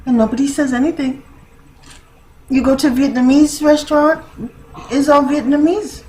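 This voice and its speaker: A woman's voice: sits high, steady tone, normal speed, a little mellow, a little hiss or hum, rough recording. A woman vlogger talking in a casual, rambling monologue, laughing often and using many fillers.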